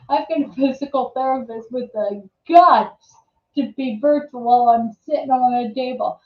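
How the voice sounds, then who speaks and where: A woman's voice: high voice, measured pace. A woman hosting a live chat show, telling a story casually with many fillers and restarts, laughing easily. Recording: echoey room, dull lo-fi sound.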